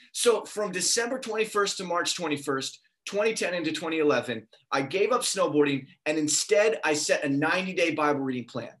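A young man giving a sermon, telling a lively personal story and acting out the dialogue. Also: a little high, brisk, hardly any pauses. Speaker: preacher.

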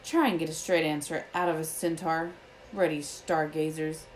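A woman voicing a huge, gruff male gamekeeper in a storybook reading, brusque and rustic in manner. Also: low voice, steady tone, moderate pace, a little hiss or hum, lightly acted, poor audio. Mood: gruff impatient.

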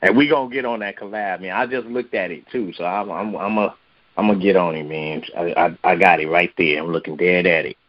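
A man's voice: low-pitched, a little fast, no room sound, muffled recording. A man who is a featured poet guest, chatting casually and easygoing, ending his phrases with "man". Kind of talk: casual chat.

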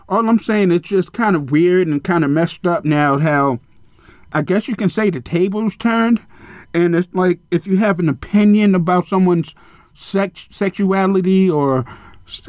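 A high-voiced man talks on his own podcast in a loose, rambling rant. He is blunt and swears freely, and his voice sits dry and close to the mic. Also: dry recording. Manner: mocking high-pitched impressions of others. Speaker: podcast host. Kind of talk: casual solo podcast monologue.

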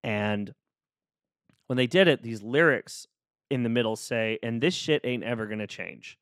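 Hosting his own podcast, this man speaks casually and encourages the listener with playful, upbeat energy. His mid-range voice is clear, resonant and a bit bright, moving at a moderate pace, captured on a close studio microphone with no echo and a clean sound.

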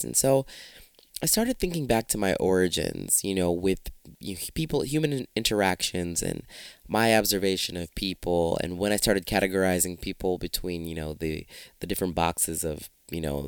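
A man in his late thirties hosting a solo podcast, talking in an animated, profane, joking way. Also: deep voice, clear, resonant tone, no room sound. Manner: profane, animated, comedic storytelling. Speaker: podcast host.

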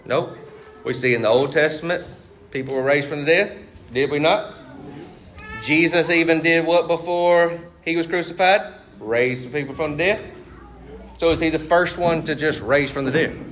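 Here the male pastor's voice is fairly high and fairly bright, with fairly even intonation, a moderate pace and frequent pauses. His sermon stays conversational as he quizzes listeners with fill-in questions and punctuates points with "right?" and "you see what I'm saying?".

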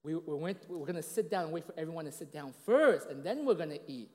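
Chatty pastor in a reverberant hall. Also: male voice, animated, fast. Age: late 30s. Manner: casual, chatty, heavy on fillers and 'you know', 'right?'; acts out quoted voices with big pitch jumps. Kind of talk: conversational sermon storytelling. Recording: long reverb of a large hall.

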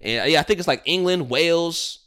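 A young adult man telling stories in a profane, animated way while co-hosting a casual podcast chat. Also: on the high side, fairly quick. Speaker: podcast co-host.

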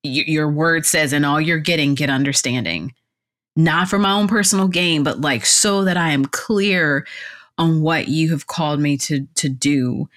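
Woman guest, fitness instructor and coach: low voice, casual, animated storyteller who laughs often. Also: moderate pace. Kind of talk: casual conversational interview.

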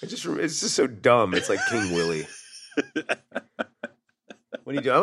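A man's voice: mid-range voice, a little slow, long pauses, breathy edge. A man co-hosting a podcast, chatting casually about a movie and acting out quotes, with lots of fillers. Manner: animated, lots of fillers and quoting. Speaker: podcast co-host.

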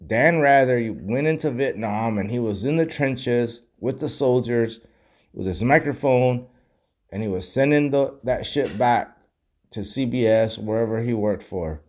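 A man in a loose, rambling rant, cursing at nearly every turn and drifting from point to point. His pitch sits in an ordinary middle range. He sounds relaxed and offhand, with a beer in hand. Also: a little slow. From United States. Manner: profane, rambling, heavy swearing. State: drinking beer.

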